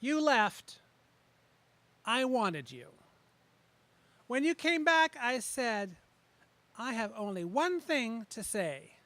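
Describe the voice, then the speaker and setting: A man with a high voice performs his poems live before a small audience at an open mic. His tone is bright and forward. He talks casually between pieces and leans hard on the words when he reads. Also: very animated, no echo. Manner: chatty asides between pieces, slow emphatic reading of poems. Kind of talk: open mic poetry reading with spoken introductions.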